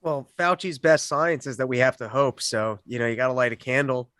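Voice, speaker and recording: A man's voice: medium pitch, brisk, a bit bright, no echo. A man as a podcast guest, putting in dry sarcastic quips. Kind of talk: casual comedic chat.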